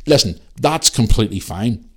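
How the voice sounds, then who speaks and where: A podcast host rants through a casual monologue, telling heated stories packed with swearing and animated re-enacted dialogue. His mid-range voice is slightly rough and moves at a moderate pace.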